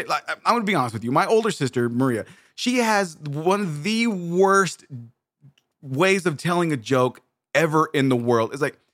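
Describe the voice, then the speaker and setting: A man telling a comedic story in a rambling, animated way, often restarting his sentences. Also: sits high, dry recording, clean studio sound. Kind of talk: comedic monologue.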